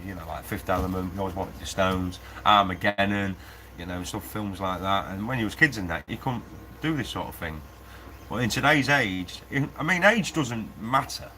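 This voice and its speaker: Building a prop live on a casual stream, a man laughs often, talks with viewers, and reads the chat out loud. His voice is lowish with a sharp tone, and the workshop around him is noisy with sanding and a 3D printer.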